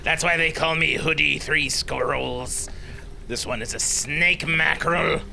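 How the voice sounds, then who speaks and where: A mysterious hooded fish collector, as a man puts him on from a video game, speaking in a very slow, gravelly drawl with a bright, sharp edge. He sounds impatient and eerie, dragging out every word. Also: on the high side, slight background noise, exaggerated voice. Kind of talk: voicing game characters in a let's play.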